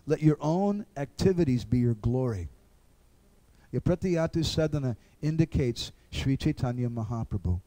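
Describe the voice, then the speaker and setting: A man's voice: medium pitch, lively intonation, moderate pace, mellow. A man giving an earnest devotional lecture, acting out little dialogues.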